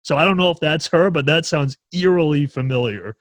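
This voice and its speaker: A man's voice: fairly high pitch, fairly quick, dry recording. A man from New Hampshire hosting a podcast, chatting casually and ranting with plenty of swearing. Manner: profane, animated ranting. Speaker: podcast host.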